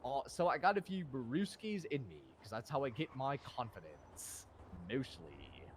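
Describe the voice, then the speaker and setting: A man's voice: mid-range voice, sing-song, a little slow, a little hiss or hum. A young man telling a rambling, slangy story in character while role-playing on a stream.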